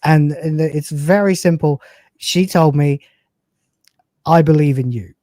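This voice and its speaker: A man's voice: fairly high pitch, measured pace, mellow, no room sound. A man in his forties hosts a livestream in a loose, profane, joking way. He tells stories and keeps the chat moving. His voice is recorded close and dry. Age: 40s. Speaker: host.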